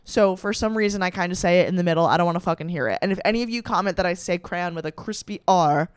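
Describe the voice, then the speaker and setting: A young woman with a Western New York accent, a comedian hosting a podcast, talks in a casual, animated monologue, gushing and swearing and saying "like" a lot. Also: fairly low pitch, fast, clear, resonant tone, dry recording. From Rochester, New York. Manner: animated, profane, gushing, heavy use of "like".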